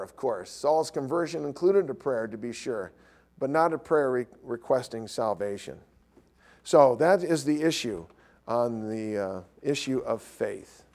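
A man's voice: medium pitch, a little mellow. A middle-aged man giving sermon-style Bible teaching to a class, conversational, repeating his key points. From California.

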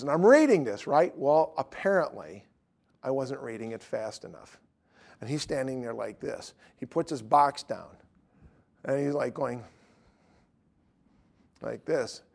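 A middle-aged man, an evangelist, preaching through lively anecdotes and acting out the dialogue. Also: fairly high pitch. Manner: lively storytelling, acts out dialogue.

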